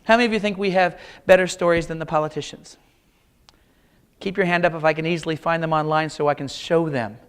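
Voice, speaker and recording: In a big auditorium, a middle-aged man from Kansas tells motivational stories in his keynote, joking in a folksy way and speaking directly to the crowd. He talks fast in a fairly high, clear, resonant voice with fairly even intonation.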